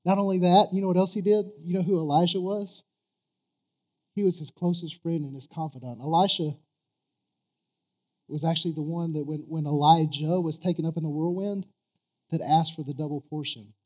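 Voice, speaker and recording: A preacher with a somewhat high voice delivers a sermon in an earnest, halting way. He trips over his words, circles back and repeats phrases before driving a point home. He throws questions out to his congregation. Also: fairly even intonation, darkish tone. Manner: earnest, stumbling restarts and repeated words, rising to emphatic peaks.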